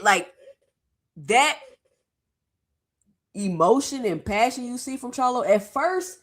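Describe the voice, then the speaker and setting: Woman with a slightly sore throat, chatty. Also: mid-range voice. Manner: chatty, animated, slangy. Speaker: boxing commentary host. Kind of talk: casual vlog commentary.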